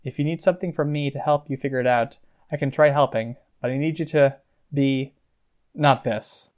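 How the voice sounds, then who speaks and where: A man's voice: medium pitch, fairly even intonation, moderate pace, a little mellow, highs cut off, natural voice. Man voicing a blunt, pushy young woman. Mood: urgent. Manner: pushy, exasperated questions.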